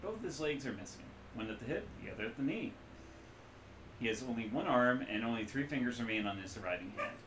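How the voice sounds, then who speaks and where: A man's voice: medium pitch, lively intonation, fast, a bit bright, a little hiss or hum. Easygoing man narrating a tabletop game. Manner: casual, apologetic asides between read-out scene text. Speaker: game master. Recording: roomy echo with faint ambience.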